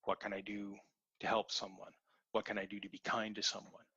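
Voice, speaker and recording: A man's voice: on the low side, completely flat delivery, fairly quick, creaky, pushed and bright, husky, dry recording, muffled recording. A man giving an earnest, repetitive motivational talk in an online webinar. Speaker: webinar presenter.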